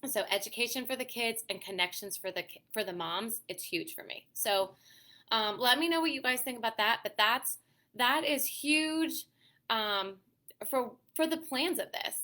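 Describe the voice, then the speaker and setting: A woman from the Pittsburgh area of the USA hosts a casual livestream for a mom community, reading out viewer comments. Her slightly high voice is pushed and bright at a moderate pace, and she's chatty and encouraging, often adding "okay?" and "you know."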